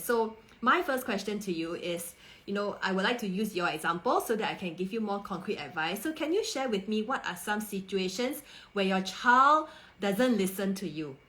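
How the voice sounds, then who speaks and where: A woman's voice: medium pitch, low-quality recording. A woman in her thirties hosting a parenting live stream, asking viewers questions and speaking in an empathetic, coaxing way. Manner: warm-toned rhetorical questions, coaxing and empathetic.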